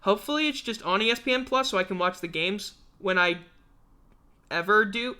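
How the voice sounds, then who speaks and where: A man's voice: sits high, a little fast, pushed and bright, clean tone. A man hosting a live stream, chatting casually and rambling, swearing freely and joking at his own expense while sounding yawny and tired. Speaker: livestream host.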